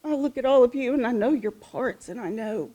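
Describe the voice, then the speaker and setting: Brisk and animated, a middle-aged woman speaks in a fairly high, mellow voice at an outdoor memorial for a fallen police officer, her late husband. Her personal stories ramble warmly from the heart, with frequent restarts.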